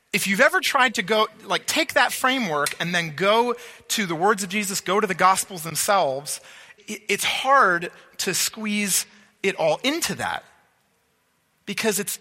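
A man's voice: high voice, lively intonation, unhurried, pushed and bright, long reverb tail. A man preaching a sermon, teaching emphatically and asking rhetorical questions.

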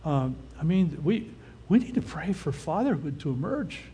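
With a mellow, very animated voice that sits on the high side, this older pastor speaks at normal speed. His sermon is informal and full of check-ins with the audience, and there's slight background noise.

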